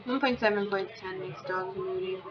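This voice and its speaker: A woman's voice: medium pitch, fairly even intonation, moderate pace, over music. A woman hosting a gaming channel, chatting casually over gameplay and coaxing her pet in baby talk. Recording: dull lo-fi with game crowd noise.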